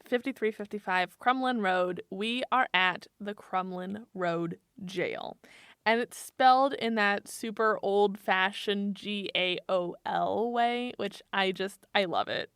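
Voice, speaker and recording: A woman's voice: mid-range voice, a bit bright, clean tone, dry recording. A woman co-hosting a podcast, telling a history story in a playful, casual way and laughing between facts. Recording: dry close-mic podcast audio.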